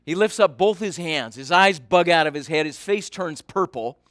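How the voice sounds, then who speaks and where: A male keynote speaker with a bright, ringing voice, pitched a little above the usual for a man. He tells his story in an animated way and keeps asking the audience questions. The sound is close and dry, with no room around it. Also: normal speed, no echo.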